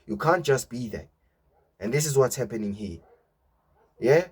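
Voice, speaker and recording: A man's voice: mid-range voice, animated, normal speed, a little mellow, breathy edge. A young man, a football fan vlogger giving a mocking, swearing rant and tagging his lines with "yeah?". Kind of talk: ranting fan reaction.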